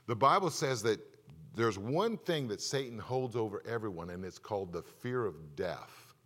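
A man's voice: fairly low pitch, a bit bright. Emphatic preaching pastor, man. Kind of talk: sermon.

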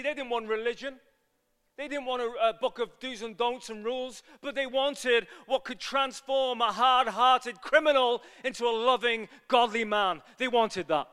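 A man preaching an evangelistic sermon, telling a story and building to loud, passionate appeals. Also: very high voice, clean tone, big-room sound.

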